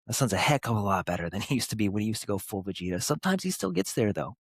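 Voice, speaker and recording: Earnest man with a low, dry voice. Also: very animated, breathy edge, dry recording. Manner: earnest, emphatic, with pauses and short punchy phrases. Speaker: podcast host. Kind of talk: motivational podcast monologue.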